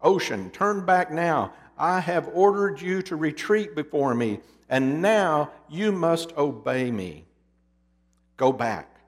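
A preacher voicing a wise old king who gives measured, stern commands, heard with a long hall reverb. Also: medium pitch, lively intonation, close to an everyday voice. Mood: commanding. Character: wise, weary old king scolding the sea.

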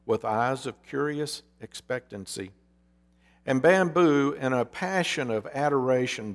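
A man preaching a sermon and telling a parable in a measured way. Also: medium pitch. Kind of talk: sermon with storytelling.

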